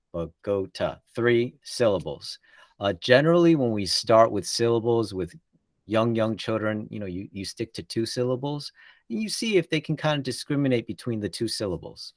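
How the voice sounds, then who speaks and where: Relaxed low-voiced male presenter. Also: no echo. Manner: relaxed, explanatory, many fillers. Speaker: workshop presenter. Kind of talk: casual online workshop talk.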